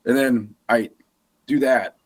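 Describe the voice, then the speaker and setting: A man on a podcast telling an animated hunting story, acting out the lines of the people in it. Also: mid-range voice, slow pace, husky. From Massachusetts. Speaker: podcast guest.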